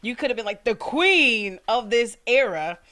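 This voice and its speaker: Woman interviewer, smooth voice, encouraging, casual. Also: on the high side, animated, a little slow, bright, forceful tone. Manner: encouraging, frequent short acknowledgements.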